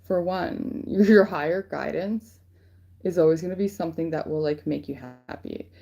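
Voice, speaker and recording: Woman, low voice, gravelly fry, rambling casual livestream chat, swears a lot, spiritual reader. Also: moderate pace, warm tone. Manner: rambling, profane, filler-heavy. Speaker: spiritual reader channeling guidance.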